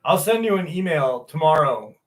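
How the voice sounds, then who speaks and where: A man's voice: on the high side, animated, normal speed. A man hosting a live stream, chatting casually with viewers by name, swearing freely, and reading out a story.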